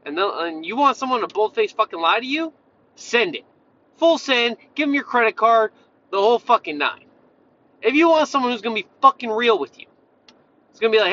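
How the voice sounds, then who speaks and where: A fitness coach from Tennessee, USA, rants in a high, bright, edgy voice, animated and a little fast. He is blunt and swears freely while jumping between points, and the sound is a little muffled and lo-fi.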